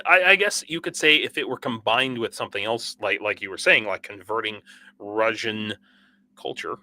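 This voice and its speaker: Young guy, bright voice, running a livestream on no sleep, rambly and halting, lots of ums and restarts. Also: mid-range voice. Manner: rambling, halting, many restarts and fillers, laughs often. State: sleep-deprived and over-caffeinated. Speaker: livestream host. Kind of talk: casual livestream chat reading viewer comments.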